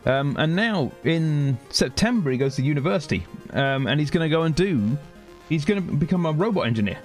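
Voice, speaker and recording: Brief: male gaming streamer, forties, easygoing chat, slightly raised pitch. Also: lively intonation, fairly quick, soft background music. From United Kingdom. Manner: chatty, chats with viewers between outbursts at the game. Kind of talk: casual chat while livestreaming a shooter.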